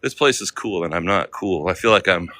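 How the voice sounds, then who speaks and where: Deep-voiced and animated, an American man from the United States speaks a little fast with a sharp tone as he vlogs live while walking city streets. He chats casually with viewers using slang, and the recording is dry.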